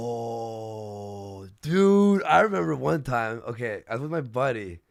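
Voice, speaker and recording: Gravelly animated man telling stories. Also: medium pitch, takes it slowly, dry recording, studio quality. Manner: animated storytelling, swearing, acts out quoted people. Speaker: stream host. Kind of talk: casual livestream chat.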